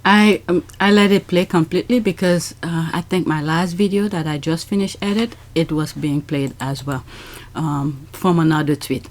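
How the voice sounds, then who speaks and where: A woman's voice: low-pitched, normal speed. Chatty woman reading tweets aloud. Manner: chatty, many fillers, reads aloud and comments. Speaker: commentary channel host.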